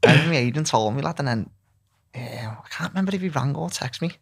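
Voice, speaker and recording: A man with a Scouse accent chatting casually as a podcast guest, slangy, trailing off softly at times. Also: medium pitch, animated, a little fast, gravelly, husky. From Liverpool, England. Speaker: guest footballer. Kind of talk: casual chat.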